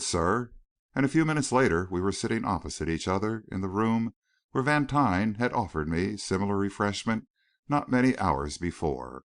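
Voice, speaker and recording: Low-pitched man narrating a classic mystery audiobook with varied, animated delivery. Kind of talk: first-person novel narration.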